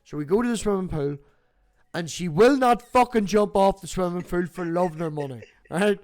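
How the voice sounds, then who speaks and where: A man's voice: high-pitched, normal speed. Sweary man telling stories. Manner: swears freely, animated storytelling. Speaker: livestream host. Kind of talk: casual chat.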